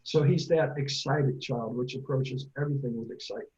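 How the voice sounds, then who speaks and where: A man's voice: mid-range voice, fairly quick, darkish tone, muffled recording. A middle-aged man, a therapist and author, giving a casual online talk to parents, telling stories with many fillers.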